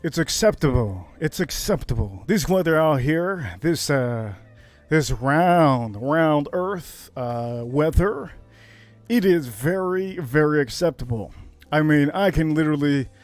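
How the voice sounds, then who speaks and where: A man from Miami hosting a casual whiskey livestream, brash and hyped, jumping to high shouts on catchphrases. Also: lively intonation, slow pace, faint music behind. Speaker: livestream host reviewing whiskey.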